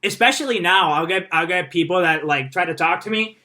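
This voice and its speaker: A man's voice: high-pitched, brisk, pushed and bright. A man hosting a casual radio interview, laid-back, laughing easily and using plenty of fillers. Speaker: radio podcast host. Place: Miami.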